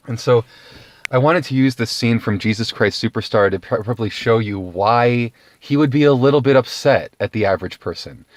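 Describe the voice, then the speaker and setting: A man's voice: on the low side, no echo. Profane, rambling male video ranter. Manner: profane, digressive, animated. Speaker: video blogger. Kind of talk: ranting commentary monologue.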